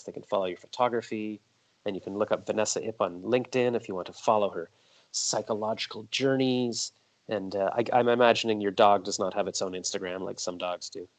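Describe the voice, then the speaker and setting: A man hosting a podcast, chatting casually and telling rambling stories in an interview. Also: fairly low pitch. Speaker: podcast host.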